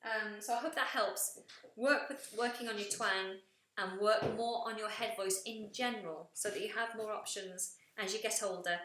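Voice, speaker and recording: Bright woman vocal coach. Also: mid-range voice, moderate pace, a little hiss or hum. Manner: explains technique, breaking into sung demonstrations. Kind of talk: live singing feedback. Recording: roomy echo.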